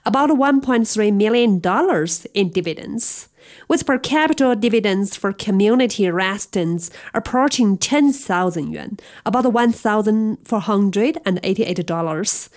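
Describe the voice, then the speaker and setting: A woman reading a scripted radio news report in an even, measured way. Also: mid-range voice. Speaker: news reader.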